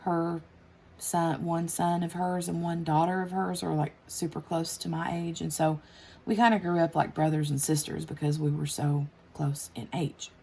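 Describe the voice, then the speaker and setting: A woman's voice: sits low, level tone, normal speed, vocal fry, dark tone. A woman, chatting casually on her craft channel while she works, rambling with lots of fillers and restarts. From United States.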